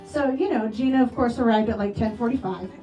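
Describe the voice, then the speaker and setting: A woman's voice: on the high side, fairly quick, dull audio. Woman telling stories at a memorial. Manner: animated storytelling with playful quoted voices. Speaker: memorial speaker. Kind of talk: eulogy storytelling. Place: memorial gathering hall. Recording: roomy echo, distant from mic, soft music.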